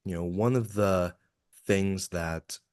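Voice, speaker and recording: Kentucky guy, coach on a podcast, deep voice, open and reflective, dry close sound. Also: takes it slowly, darkish tone, clear, resonant tone, dry recording. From Kentucky, USA. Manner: earnest, reflective, open about feelings. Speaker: executive coach, podcast guest. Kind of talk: casual podcast interview.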